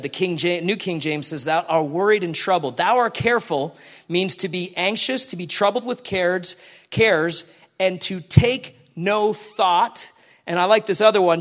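A man with a high voice delivers a sermon in a church. He talks in a casual, animated way and keeps putting questions to the people listening. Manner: conversational, animated, asks the congregation questions. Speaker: preacher.

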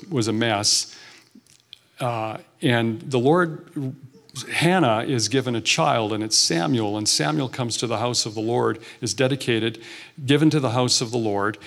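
A man's voice: mid-range voice, moderate pace, gravelly, fairly bright tone. A man preaching an informal, earnest sermon in a church sanctuary, talking conversationally and often restarting his sentences. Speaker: guest preacher.

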